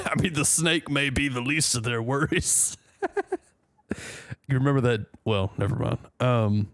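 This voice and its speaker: A man's voice: medium pitch, no echo, clean studio sound. A man from the United States reading a news story aloud and joking between lines in casual commentary. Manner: reads aloud haltingly, joking asides. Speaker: news reaction host.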